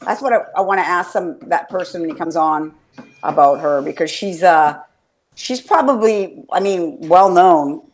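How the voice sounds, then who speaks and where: A woman's voice: on the low side, normal speed. A woman hosting a casual fan chat, rambling and swearing with enthusiasm, often trailing off mid-sentence. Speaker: podcast host.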